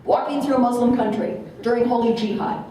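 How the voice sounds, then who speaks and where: A woman in her forties with an American accent tells a story as a guest speaker, lively and full of humor. Her voice is mellow and unforced. It is heard from a distance in a very echoey meeting hall. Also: a little high, fairly quick, slight background noise. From Minnesota, USA. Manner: lively and humorous, acts out quotes. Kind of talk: storytelling speech.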